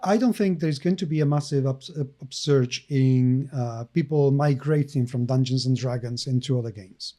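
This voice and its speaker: A man's voice: medium pitch, normal speed, few pauses, dark tone. A man co-hosting a tabletop gaming podcast, talking sarcastically and often breaking into laughter. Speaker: podcast co-host. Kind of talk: casual podcast chat.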